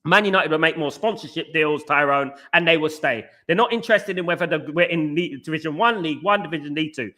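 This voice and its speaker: Man, high-pitched, bright, argumentative, live-stream host. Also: fast talker, few pauses. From East London. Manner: animated, argumentative, repeats "at the end of the day"; addresses chatters by name. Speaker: podcast host reading live chat. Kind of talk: casual live-stream commentary.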